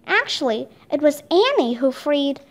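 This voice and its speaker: A cautious young boy who worries about everything, voiced by a woman reading a storybook. His lines come anxious and hurried in a very high voice. Its pitch moves a lot. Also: very animated. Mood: worried.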